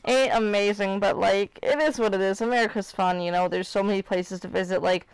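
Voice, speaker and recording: Brisk and smooth, with a medium pitch and fairly even intonation, this twentysomething Illinois woman chats casually while hosting a live stream. She's candid and rambling, leaning on fillers like "like" and "you know what I mean," and the recording is dry.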